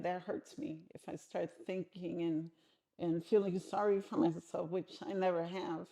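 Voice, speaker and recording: A woman's voice: mid-range voice, mellow. A middle-aged woman answering interview questions frankly and conversationally, often restarting her sentences.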